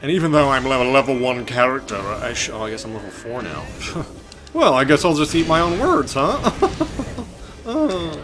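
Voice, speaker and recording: A man in his twenties doing casual, rambling gameplay commentary with deadpan jokes, button clicks audible. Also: mid-range voice, normal speed. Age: 20s. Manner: joking, rambling, deadpan absurd asides. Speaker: gaming channel host. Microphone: desk mic with button clicks heard. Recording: game music under the voice. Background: game music.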